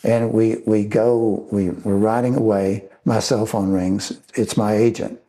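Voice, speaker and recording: Older man, low pitch, mellow tone, interview guest, animated storyteller, acts out quotes. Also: unhurried, hardly any pauses. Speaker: screenwriter and director guest.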